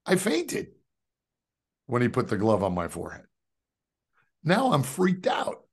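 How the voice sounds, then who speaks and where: A man, telling a personal faith story as a guest, jumping from loud outbursts to hushed asides. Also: medium pitch, sing-song, moderate pace, slightly rough. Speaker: guest giving a faith testimony. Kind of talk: animated storytelling.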